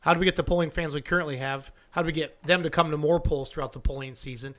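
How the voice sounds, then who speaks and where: Excitable man hosting a live stream. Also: fairly high pitch, fast. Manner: excitable, restarts sentences, goofy. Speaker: show host. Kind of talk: casual live-stream chat.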